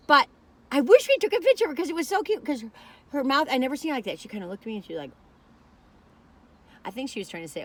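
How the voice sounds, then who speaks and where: A woman's voice: sits high, sing-song, very fast, pauses often, a bit bright, slight background noise. Rambling, chatty woman food reviewer. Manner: rambling, chatty storytelling, often losing her thread. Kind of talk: casual vlog chat while tasting food.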